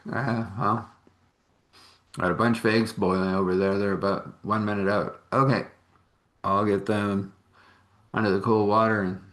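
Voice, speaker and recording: Low-voiced man telling a homely story. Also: fairly bright tone. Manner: rambling, homely, chuckling often. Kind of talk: casual spoken storytelling.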